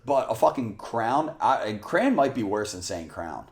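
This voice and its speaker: Young male podcast co-host, lowish voice, rambling swearing storyteller. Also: big pitch swings, moderate pace. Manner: rambling storyteller, swears a lot, acts out quotes. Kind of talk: casual podcast chat.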